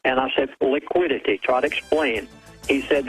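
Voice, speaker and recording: A man speaking as a guest on a radio show, slow and deliberate, stressing each quoted word. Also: medium pitch, faint music behind, poor audio. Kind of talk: phoned-in guest talk.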